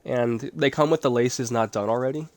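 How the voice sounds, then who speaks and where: A man's voice: medium pitch, moderate pace, darkish tone, no echo. A man co-hosting a podcast in casual chat, laid-back and offhand, making fun of himself. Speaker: podcast co-host.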